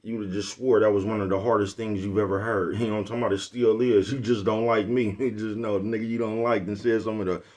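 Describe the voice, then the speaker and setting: A man's voice: lowish voice, level tone, quick pace, few pauses, a little mellow. A man vlogging on his own channel in a casual, rambling way. He sounds laid-back and boastful, chuckles between phrases, and keeps asking whether you know what he's talking about. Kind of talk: casual rambling vlog talk.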